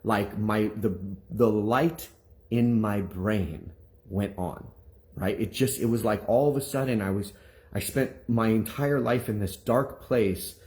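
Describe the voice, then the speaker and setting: Animated male minister telling a story. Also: lowish voice, unhurried. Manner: animated, rambling storytelling with many restarts. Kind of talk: personal testimony to a congregation.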